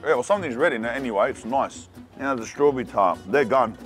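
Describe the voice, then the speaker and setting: An Australian man reviewing food in a casual vlog, talking in an excitable, slangy way. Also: medium pitch, fast talker, soft background music. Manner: slangy and excitable, calls the viewer "cuz". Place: cafes and city streets.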